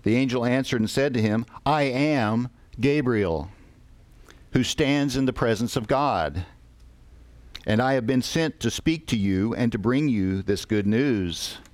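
A man preaching a sermon, reading scripture slowly and deliberately with pauses. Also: mid-range voice, darkish tone, no room sound.

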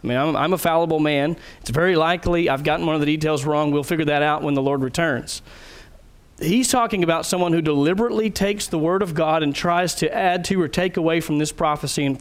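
A man's voice: a little high, brisk, smooth. A man preaching a sermon as a pastor, earnest and emphatic, putting direct questions to his listeners.

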